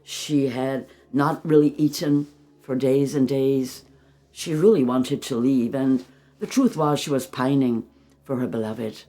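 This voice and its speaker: A spiritual channeler telling a story gently, calling the listener beloved and sinking into a soft whisper. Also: medium pitch, fairly even intonation, a little slow.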